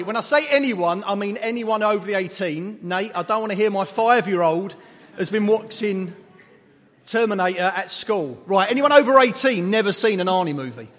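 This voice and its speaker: A man's voice: high-pitched, a bit bright. A man preaching an Easter sermon to a congregation, joking and quizzing the people in the pews. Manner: jokey, bantering with the congregation. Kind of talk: lively Easter sermon with audience questions. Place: large church hall. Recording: long reverb of a large hall.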